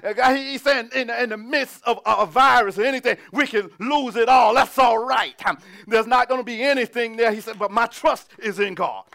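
A man preaching a sermon, reading scripture and building to shouted, humming, laughing exclamations. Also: very high-pitched, normal speed, vocal fry.

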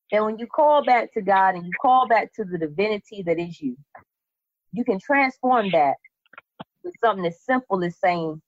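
A woman's voice: mid-range voice, dry recording. A woman podcast host telling a Bible story casually, acting out the characters with slangy quoted voices. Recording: dull lo-fi, dry sound.

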